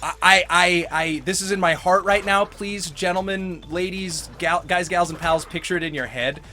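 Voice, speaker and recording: A man's voice: sits high, moderate pace, pushed and bright, a little hiss or hum. A middle-aged man chatting casually while playing a video game, telling rambling stories and laughing often. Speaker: gaming host. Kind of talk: casual let's-play chat.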